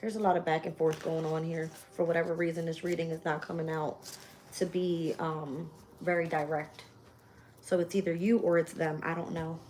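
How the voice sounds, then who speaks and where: Lady reading tarot cards on a live stream, lowish voice, cusses a lot, calls out each card, faint hiss and card shuffling behind. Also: level tone, normal speed, a little mellow. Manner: casual and blunt, swears freely, thinks aloud while drawing cards; shuffles and names cards aloud. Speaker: tarot reader.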